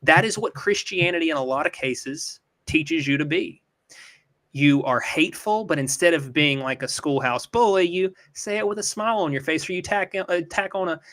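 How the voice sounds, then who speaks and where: Middle-aged male livestream host, earnest and emphatic, fairly high voice, swears when heated. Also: moderate pace, fairly bright tone. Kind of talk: casual call-in livestream chat.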